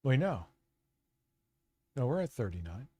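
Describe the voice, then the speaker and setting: A man hosting a livestream, ranting and mocking in a profane, rapid commentary. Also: medium pitch, sing-song, a little mellow, breathy edge, no echo. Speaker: streamer host.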